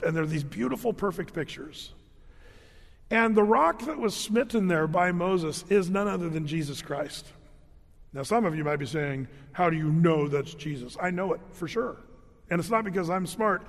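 A man's voice: high-pitched, creaky. A man preaching a conversational Bible-teaching sermon, telling the story with humor and acting out the speakers he quotes. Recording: long reverb of a large hall.

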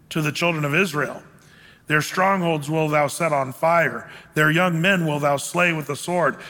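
A man with a high, bright voice preaches a sermon in a lively, animated way. He reads scripture and then jumps into jokey asides, acting out the people in the story. His voice rings with a long reverb, as in a big hall. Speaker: pastor.

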